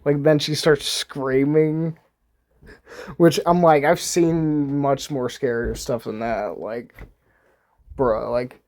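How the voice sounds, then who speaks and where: A man's voice: a little high, a little mellow. A young man giving casual, rambling commentary on a movie, swearing freely, laughing often and restarting his sentences.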